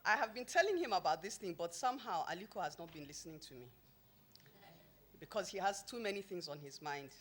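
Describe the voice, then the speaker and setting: A woman with a somewhat low voice addresses an event audience from a podium microphone. She tells humorous personal anecdotes within a formal launch speech, delivering them emphatically and with lively energy. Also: fairly quick. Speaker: company founder giving a launch speech. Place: event venue before an audience.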